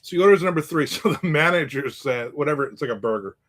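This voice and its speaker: A man tells a long story in a casual monologue. His voice sits a little high for a man, and he gets animated, jumping into louder, higher voices whenever he plays the people in the story. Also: fast. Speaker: writer telling a story.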